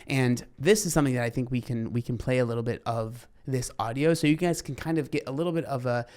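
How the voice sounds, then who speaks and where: A man's voice: mid-range voice, fast, darkish tone. A young man hosting a casual commentary, talking in a rambling way with many fillers and restarts. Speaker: commentary host.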